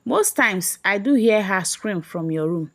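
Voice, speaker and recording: A woman's voice: medium pitch, lively intonation, measured pace, no room sound, studio quality. Woman doing a sly accusing young brother. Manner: mocking, accusing. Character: accusing sly young man, a middle son.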